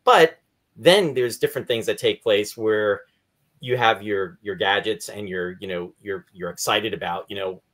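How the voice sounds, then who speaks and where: A man's voice: lowish voice, normal speed, fairly bright tone. A man hosting a casual interview chat, rambling and apologetic, with a voice he says is going. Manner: rambling, apologetic, restarts often. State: losing his voice, clearing throat. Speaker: podcast host.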